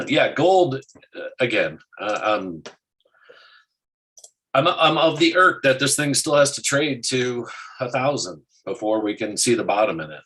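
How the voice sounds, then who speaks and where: A man's voice: fairly low pitch, a bit bright, rough recording. A man co-hosting a casual market show, rambling with many restarts and fillers. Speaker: co-host.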